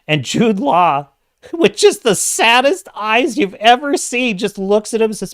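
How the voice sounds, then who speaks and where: A man's voice: high voice, sing-song, unhurried, fairly bright tone. Guy on a livestream going off about movies, sarcastic, swears a lot, keeps interrupting himself. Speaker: livestream host. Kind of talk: casual ranting movie review.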